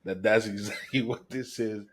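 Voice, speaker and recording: A man's voice: fairly low pitch, fairly even intonation, moderate pace. A man hosting a podcast in casual banter, playful and teasing as he keeps restarting his intro. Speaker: podcast host. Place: indoor recording set.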